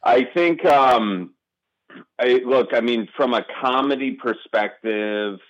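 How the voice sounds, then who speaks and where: A man's voice: mid-range voice, takes it slowly, lo-fi sound. A man, a comedian guest chatting casually in an interview, rambling with frequent restarts. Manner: rambling, restarts often, self-deprecating.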